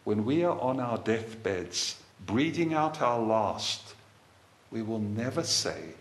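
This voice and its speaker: A man preaching a sermon in a measured way, building his points through repeated phrases. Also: on the low side, big pitch swings, roomy sound. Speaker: pastor.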